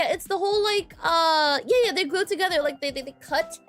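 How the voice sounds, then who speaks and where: A woman's voice: extremely high pitch, lively intonation, fast talker, hardly any pauses, a bit bright, faint music behind. A woman streaming as a VTuber, chatting casually with viewers, giggly and full of filler words and repeated phrases. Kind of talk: casual livestream chat with viewers.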